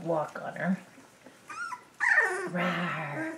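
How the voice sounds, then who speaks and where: A woman's voice: fairly low pitch, big pitch swings, a little slow, recorded from a distance. A woman talking playful, cooing baby talk to her puppies in an indoor puppy pen, filmed on a handheld camera. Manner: cooing, sing-song and playful. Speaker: dog breeder filming her puppies. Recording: roomy with loud noise.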